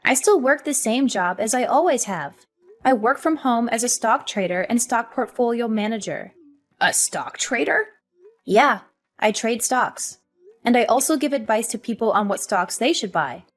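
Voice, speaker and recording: A woman's voice: a little high, lively intonation, moderate pace, faint music behind. Woman voicing a hurt, defiant young daughter. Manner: earnest, emotional. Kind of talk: animated story voice acting.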